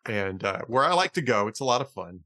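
A man's voice: lowish voice, big pitch swings, a little fast, bright, forceful tone. A man hosting a podcast in casual chat, telling jokes and chuckling as he reads. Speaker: podcast host.

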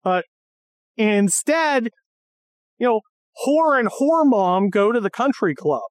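A woman's voice: fairly high pitch, slow pace, dry recording. Woman ranting in casual chat, swoops all over, dry close sound. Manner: animated, profane, mocking impressions.

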